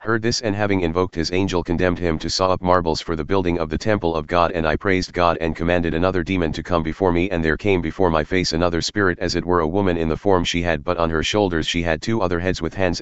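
Deep, fast-reading male narrator. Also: clear, resonant tone, dry recording, highs cut off. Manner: archaic, solemn, steady delivery. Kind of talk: scripted reading of an ancient text.

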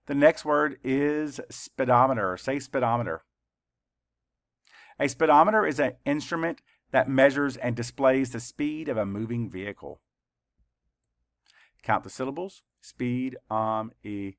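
A male teacher with a mid-range voice leads a children's spelling lesson, dictating slowly and deliberately as he spells each word out letter by letter. The recording is dry and of studio quality.

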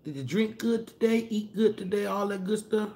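Speaking at a normal speed, this livestream host chats casually in loose, slangy language, reading out and responding to her viewers' comments. She's animated, and her voice leaps up whenever she says hello to someone.

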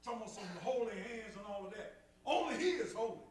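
A man's voice: high-pitched, expressive, fast talker. A man preaching a call-and-response sermon, repeating phrases and rising in fervor. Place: church sanctuary. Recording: echoey church from far off, faint hum.

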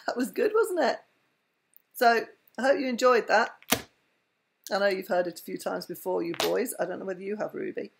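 A woman's voice: medium pitch, steady tone, fairly quick, creaky, background noise. A woman reading a bedtime picture book to her children, adding playful, chuckling asides.

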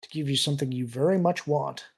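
A man's voice: mid-range voice, fast, creaky, slightly rough. Man voicing a mysterious confident visitor. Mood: persuasive. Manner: assured, persuasive.

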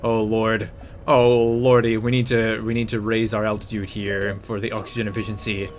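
A man's voice: on the low side, moderate pace, soft background music. A young man giving casual, jokey gameplay commentary, muttering to himself and yelping in panic as he plays. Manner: excitable, jokey, yelps and mutters while playing. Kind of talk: casual let's-play commentary.

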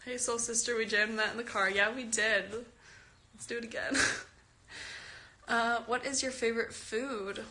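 A woman's voice: on the high side, fairly even intonation, normal speed, background noise. A fourteen-year-old girl from Canada, giggling and chatting as she reads out and answers fans' questions on a phone live stream. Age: teen.

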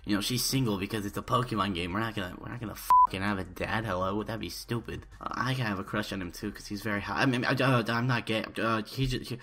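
A man's voice: lowish voice, steady tone, fast, hardly any pauses. Stammering overhyped young man gaming. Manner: stammering, overhyped and mock-earnest. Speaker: YouTuber. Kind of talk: parody let's play commentary.

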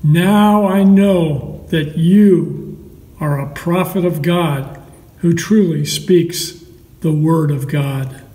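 A man reading aloud the lines of a pleading poor widow in a slow storybook way. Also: a little high, dark tone. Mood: awed. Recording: echoey hall, mic far off.

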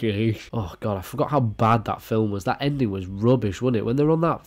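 Excitable young British man reacting to memes. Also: fairly low pitch, fast. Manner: excitable, slangy, swears a lot, laughs often. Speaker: meme reaction YouTuber. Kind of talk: casual reaction commentary.

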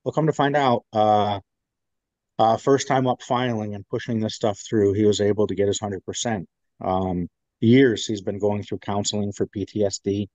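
A man with a lowish voice tells a rambling veteran's story, full of fillers and restarts. The recording is dry and close but dull and lo-fi. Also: fairly even intonation, moderate pace, a little mellow, no room sound. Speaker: guest, veteran. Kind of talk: casual storytelling in an interview.

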